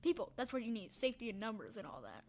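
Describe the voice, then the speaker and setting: A woman's voice: a little high, sing-song, fast. A woman reading a text game's story aloud with dramatic delivery, breaking off for short spoken asides and sometimes dropping into a whisper. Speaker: game streamer.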